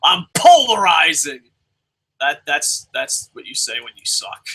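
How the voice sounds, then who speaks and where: Animated, bright-voiced young man hosting. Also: a little high, a little slow, husky, poor audio. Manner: animated, swearing, jumping between loud and mumbled asides. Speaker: show host. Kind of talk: casual live review with reading out viewer comments.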